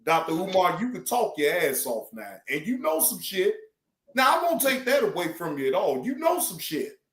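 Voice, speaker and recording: High-voiced animated man hosting a live stream. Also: normal speed, reverberant. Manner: animated, loud laughter, profane. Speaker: host. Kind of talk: casual live-stream chat.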